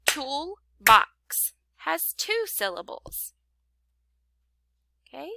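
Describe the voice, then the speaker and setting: A woman teaches phonics at an unhurried pace, pausing to clap out each syllable. Her voice is bright and slightly high, with a heavy gravelly fry at the ends of phrases. The sound is close and dry. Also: animated, dry recording. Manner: slow, patient, clapping out syllables. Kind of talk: phonics lesson to young learners.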